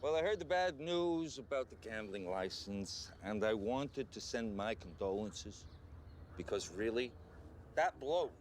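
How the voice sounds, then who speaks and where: A brash boastful tycoon. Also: male voice, lowish voice, animated, unhurried, slight background noise. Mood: smug. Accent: New York. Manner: boastful, bossy, crude asides. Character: boastful brash male tycoon, crude and self-praising.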